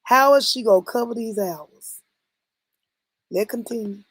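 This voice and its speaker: Streamer host, woman, animated, quizzes chat, fairly high voice, dry close sound. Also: a little slow, husky, dry recording. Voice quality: animated, quizzes her viewers, exclaims often. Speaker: livestream host reacting to skits. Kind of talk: casual reaction stream chat.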